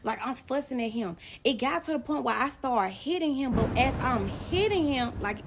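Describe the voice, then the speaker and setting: Woman, young adult, slightly high-pitched, storytime vlog to camera, animated, emotional, talks to viewers, faint background noise. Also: moderate pace. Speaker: vlogger. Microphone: phone or camera facing the speaker.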